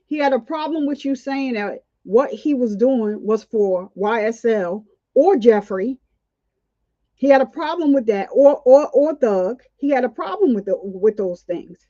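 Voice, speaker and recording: Woman ranting casually about a trial, higher voice, mellow tone, kinda muffled lo-fi audio. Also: expressive, unhurried, no room sound. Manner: outspoken and indignant, chatty asides. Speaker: commentary channel host. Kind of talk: casual commentary on a court trial.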